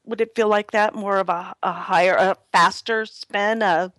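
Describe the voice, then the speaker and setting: A woman's voice: mid-range voice, steady tone, fairly bright tone, no room sound. A woman hosting an interview, asking follow-up questions and affirming her guest often. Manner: slow, supportive with frequent affirmations. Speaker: interviewer, host.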